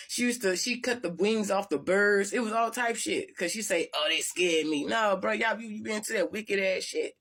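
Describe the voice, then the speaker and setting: A woman's voice: medium pitch, moderate pace, fairly bright tone. A woman vlogger telling her story to viewers in a blunt, profane, rambling way with many restarts. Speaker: spiritual vlogger.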